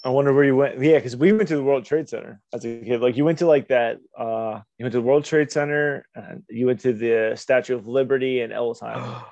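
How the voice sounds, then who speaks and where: A man's voice: medium pitch, fairly even intonation, brisk, a little mellow, no room sound. A man co-hosting a podcast in casual chat, cutting in briefly with easygoing remarks. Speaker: podcast co-host. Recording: dull, dry lo-fi audio.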